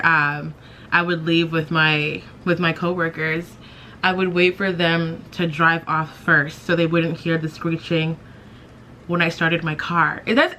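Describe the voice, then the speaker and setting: A young woman speaks straight to her viewers in a loose, chatty vlog manner, peppering her story with "like" and poking fun at herself. Her voice is bright and forward, sitting a little low for a woman, with a faint hum of ambience behind her. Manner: chatty, heavy use of "like", self-mocking. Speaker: beauty vlogger. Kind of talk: casual storytelling to camera.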